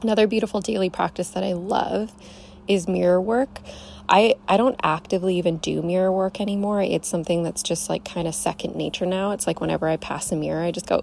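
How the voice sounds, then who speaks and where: A woman's voice: on the low side, fairly even intonation, fairly quick, gravelly, a little mellow, slight background noise. A young woman hosting a podcast, giving an emphatic, casual motivational talk, swearing freely and calling the listener babe. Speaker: podcast host, coach.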